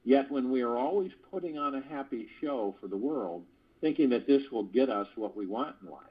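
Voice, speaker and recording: A man with a slightly husky, breathy voice reads an earnest spiritual talk to callers and throws in playful asides. The sound is dull and lo-fi, like it was recorded over a conference phone line. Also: medium pitch, lively intonation, fairly quick. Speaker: host of a spiritual call. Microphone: phone conference call.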